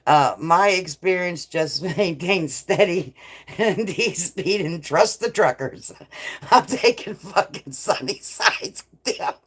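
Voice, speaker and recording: A woman's voice: on the low side, lively intonation, takes it slowly, fairly bright tone, slightly rough. A middle-aged woman hosting a casual live chat, laughing often and swearing freely as she reads viewers' comments. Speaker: livestream host.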